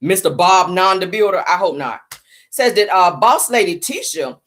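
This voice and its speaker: Sassy, animated woman dishing gossip. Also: on the low side. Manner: sarcastic, dramatic, drawn-out emphatic delivery. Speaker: host. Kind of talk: sassy celebrity gossip commentary.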